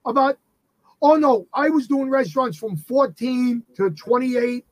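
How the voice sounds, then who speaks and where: Husky high-voiced man telling stories. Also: unhurried, dry recording, poor audio. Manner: animated anecdotes with frequent restarts. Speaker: guest entertainer and tribute performer of a famous singer. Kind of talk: casual storytelling interview.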